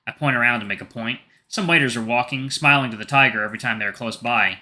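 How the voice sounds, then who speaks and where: Man reading a story, sharp bright voice. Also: medium pitch, fast, hardly any pauses. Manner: plain reading with small slips and restarts. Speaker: narrator reading a visual novel. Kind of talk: first-person story reading.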